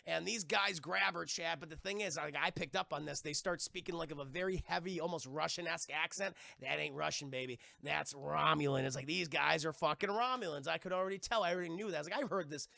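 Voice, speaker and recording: A man's voice: a little high, quick pace, creaky, few pauses, sharp tone, no room sound, studio quality. A young man giving a rambling, profane spoiler recap of a TV episode to his live chat. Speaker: TV review streamer.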